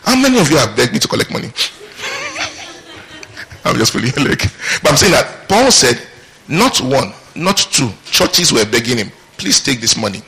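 A man's voice: on the high side, wildly swooping pitch, measured pace, pauses often, pushed and bright, rough recording. A male pastor preaching a sermon, reading scripture aloud and asking his congregation questions as he teaches.

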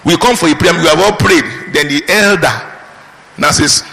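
A man pastor preaching a sermon with lively rhetorical questions. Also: on the high side, a little fast, gravelly, slight background noise. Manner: animated preaching with mimicked prayers and rhetorical questions. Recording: reverberant hall.

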